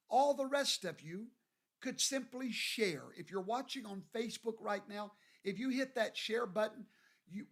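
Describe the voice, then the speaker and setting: A man from Louisiana, hosting a livestream and greeting viewers by name in a folksy, drawn-out way. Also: sits high, a bit bright. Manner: folksy, drawn-out, reads viewer names aloud. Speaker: show host.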